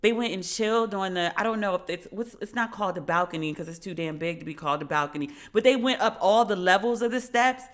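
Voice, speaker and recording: A woman in her forties hosting a podcast, telling a story in a casual, profane, animated way and shrieking when she reenacts moments. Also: medium pitch, fast talker, few pauses. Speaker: podcast host. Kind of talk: casual monologue.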